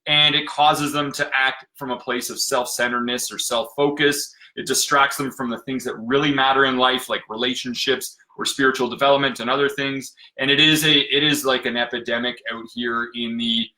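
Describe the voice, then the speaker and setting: Guy hosting a live stream, rambly, jokes at himself, really bright voice, echoey room. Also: medium pitch, fairly even intonation, brisk, hardly any pauses. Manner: rambling, self-deprecating. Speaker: host. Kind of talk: casual live-stream chat.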